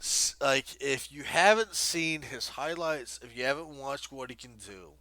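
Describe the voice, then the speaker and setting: Slow-talking, bright-voiced man chatting sports. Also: mid-range voice, dry recording. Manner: excitable, rambling with many fillers. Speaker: podcast co-host. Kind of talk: casual sports chat.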